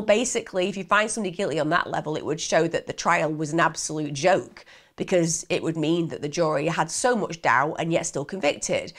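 A woman telling a true crime case in a chatty way, talking directly to her viewers. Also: fairly low pitch.

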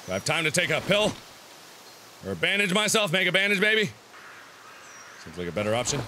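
Male let's-play host, twenties, high and lively voice, jumpy, yelps at scares, noisy game audio underneath. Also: a little fast. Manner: jumpy, yelps and shouts when startled, talks to the game. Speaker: gameplay commentator.

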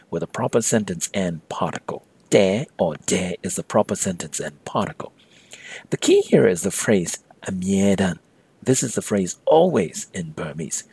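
Man, language instructor, lively delivery, dry close recording, careful repetitions. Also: lowish voice, husky, dry recording. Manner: slow, careful repetition of example phrases. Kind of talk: language lesson.

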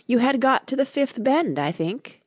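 A woman's voice: mid-range voice, animated, moderate pace, no room sound, natural voice. A woman voicing a polite, eager young girl in a storybook, humble and a little wistful.

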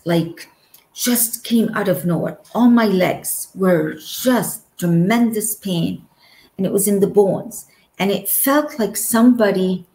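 Woman, near-death testimony, earnest, unhurried, reverberant room. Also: mid-range voice, a little mellow. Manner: earnest, slow storytelling that acts out remembered dialogue. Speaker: guest sharing a near-death experience. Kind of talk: personal testimony. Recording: echoey room.

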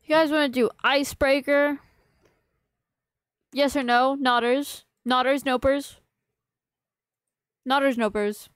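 Woman, livestream host, casual chat, playful teasing, fairly high voice, dry recording. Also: steady tone, slow, pauses often, dry recording. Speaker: streamer.

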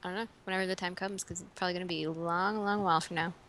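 Low-voiced young woman, laid-back. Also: fairly even intonation, rapid-fire, background noise. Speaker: co-host. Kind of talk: casual chat.

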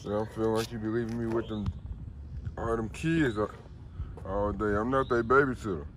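A man talking casually to his dogs outdoors, calling them loudly and scolding them. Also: on the low side, steady tone, normal speed, background noise. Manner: calls and scolds his dogs, loud shouting commands. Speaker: dog owner.

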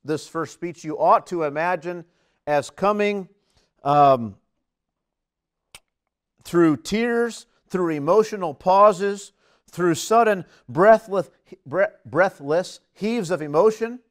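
A man preaching a sermon in an earnest, emphatic manner, swinging between loud stresses and quiet asides. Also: takes it slowly. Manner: earnest, emphatic, lively swings in pitch and loudness.

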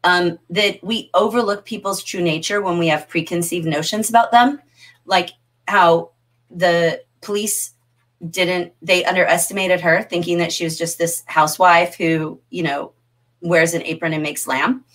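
A middle-aged woman teaching a livestreamed literature class, animated and often laughing as she answers the chat. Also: on the low side, unhurried.

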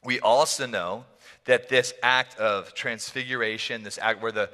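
A man preaching a sermon as a pastor, telling the story in an animated, playful way with frequent laughs. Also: medium pitch, measured pace. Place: church hall. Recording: long church hall reverb.

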